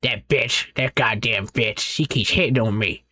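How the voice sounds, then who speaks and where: A man's voice: mid-range voice, measured pace, sharp tone, no echo, studio quality. A man voicing a crude, abusive, bedridden old grandfather who mutters and curses, in a horror comic. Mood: spiteful. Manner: muttering, cursing.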